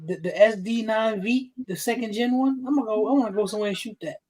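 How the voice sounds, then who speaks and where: A man in a casual livestream chat, chiming in with quick reactions. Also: sits high, a crowd in the background.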